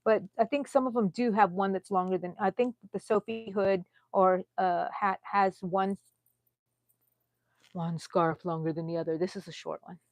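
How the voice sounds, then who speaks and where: A woman's voice: medium pitch, fairly even intonation, moderate pace, dry recording. A middle-aged woman from the United States chatting casually on a crochet live stream, laughing often and talking to viewers by name. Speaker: crochet vlogger.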